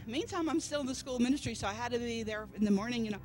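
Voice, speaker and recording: Music plays behind a woman preacher as she gives a rapid-fire testimony sermon at church in a slightly high voice. She tells her personal story, performing the voices of the people she quotes.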